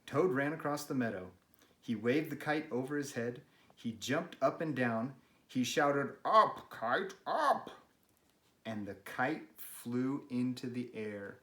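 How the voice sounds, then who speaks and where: A man hosting a children's read-aloud, narrating a story and making gentle, chatty asides to a pet. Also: mid-range voice, unhurried. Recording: roomy, echoey room.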